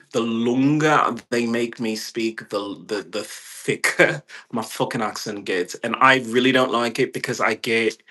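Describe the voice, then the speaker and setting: A man in a casual home vlog, ranting with lots of swearing and acting out quoted voices. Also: medium pitch. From California. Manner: profane, rambling, animated quoted voices. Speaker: vlogger. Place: indoors at home with a puppy.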